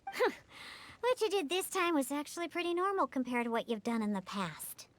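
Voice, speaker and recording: An exasperated young girl from a fantasy game, scolding her father with a teasing edge. Her voice rides high and swoops with lively inflection. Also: fairly quick. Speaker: game character, daughter.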